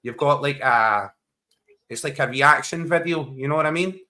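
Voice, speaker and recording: A man's voice: mid-range voice, normal speed, sharp tone. A man co-hosting a football watchalong livestream, teasing his co-host with laughter and casual chat.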